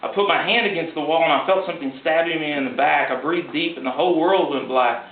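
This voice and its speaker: A man reading his own story aloud at a live event in a gallery, in a plain, wry, unhurried way. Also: on the high side. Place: art gallery. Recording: echoey gallery from far off, tinny with hiss.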